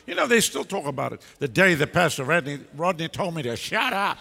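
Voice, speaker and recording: A man preaching from the pulpit in a high, gravelly voice that carries a sharp, forceful edge. He is blunt and emphatic, scolding his listeners in sudden bursts. His words ring out with a long reverb through a big church hall. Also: sing-song, brisk, few pauses. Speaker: pastor. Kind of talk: preaching a sermon.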